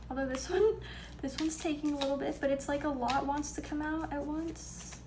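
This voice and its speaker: A young woman doing a casual, upbeat tarot card reading, chatty and full of ums and small laughs, with some vocal fry. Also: high voice, fairly even intonation, normal speed, noisy background. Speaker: tarot reader.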